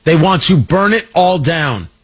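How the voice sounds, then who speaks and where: A man's voice: on the high side, lively intonation, fairly bright tone, breathy edge. Emphatic, mocking male talk radio host. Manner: emphatic, mocking, drawn-out stresses. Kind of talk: political commentary monologue.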